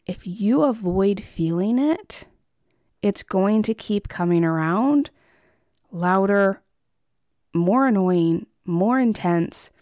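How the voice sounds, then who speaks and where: A woman's voice: mid-range voice, a little mellow, dry recording, studio quality. A woman therapist hosting her own podcast, talking straight to the listener in a conversational way and calling them friend. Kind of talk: solo podcast talk.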